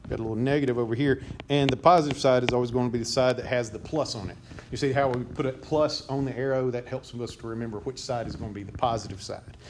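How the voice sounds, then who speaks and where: A man's voice: medium pitch, steady tone, fast talker. Joking male chemistry lecturer, noisy recording. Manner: joking asides, quizzes students. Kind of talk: classroom lecture. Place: classroom.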